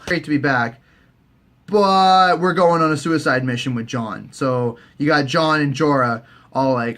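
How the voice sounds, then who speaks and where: A young man, recapping a TV season in a casual, profane, jokey way and slipping into quick silly character voices. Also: on the high side, a bit bright. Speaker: recap host.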